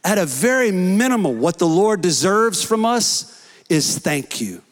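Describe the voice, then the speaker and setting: A man preaching a sermon, earnest and rising to shouts in prayer. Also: high-pitched, very animated, a little slow. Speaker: pastor. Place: church hall. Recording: long hall reverb.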